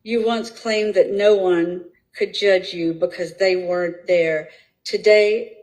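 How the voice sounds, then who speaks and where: A woman hosting a true crime livestream, reading courtroom statements aloud in a slow, firm, measured way. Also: mid-range voice, steady tone, darkish tone, low-quality recording.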